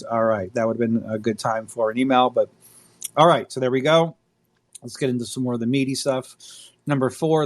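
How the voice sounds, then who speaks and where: A man's voice: medium pitch, steady tone, normal speed. A man hosting a casual online audio chat, joking and swearing freely as he reads a thread aloud. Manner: irreverent, jokey, swears freely. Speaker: discussion host reading a thread aloud. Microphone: phone app audio room.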